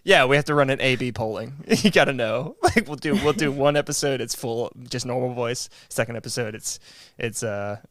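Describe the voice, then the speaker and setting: A man's voice: medium pitch, a little fast, no room sound, studio quality. A young man co-hosting a podcast in casual chat, swearing freely and joking. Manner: profane, animated, puts on old-timey voices for laughs. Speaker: podcast co-host.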